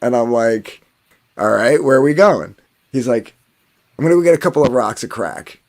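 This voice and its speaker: A man's voice: medium pitch, lively intonation, normal speed, a little mellow. A man from New Jersey telling a long story in a rambling, casual way, full of fillers and swearing. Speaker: podcast panelist.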